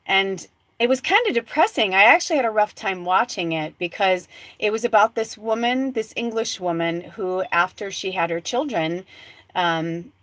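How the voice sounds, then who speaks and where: A woman hosting a live spiritual talk show, telling a rambling story full of fillers and restarts, going from hushed soft tones to excited exclamations. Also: medium pitch, normal speed, no echo. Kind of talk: casual live-stream monologue.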